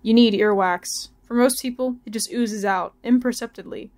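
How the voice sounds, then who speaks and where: A woman's voice: on the high side, moderate pace, a little mellow, natural voice. A woman reading aloud as an old uncle who explains things in a matter-of-fact, lecturing way. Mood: explaining. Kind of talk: read-aloud story.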